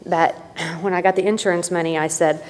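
A woman's voice: lowish voice, fairly even intonation, normal speed. Folksy middle-aged woman, echoey hall. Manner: candid, folksy, wry asides. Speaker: speaker sharing at a recovery meeting. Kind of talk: personal testimony storytelling. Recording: long hall reverb.

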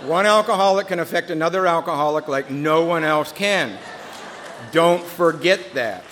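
A man sharing his recovery story at a meeting, a lively storyteller who acts out the other people's voices and goes quiet and earnest when he reflects. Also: a little high, moderate pace, a crowd in the background, noisy background.

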